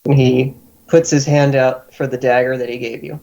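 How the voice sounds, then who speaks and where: A man narrates a tabletop game as its game master. He lays out scenes in a relaxed, descriptive way at an average pitch. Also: moderate pace, vocal fry, rough recording.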